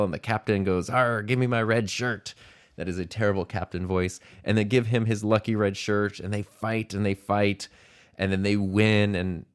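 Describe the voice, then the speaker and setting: A man's voice: sits low, clear, resonant tone. A man hosting a solo podcast, talking in a reflective, rambling way with frequent small laughs. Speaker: podcast host and teacher. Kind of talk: casual solo podcast monologue.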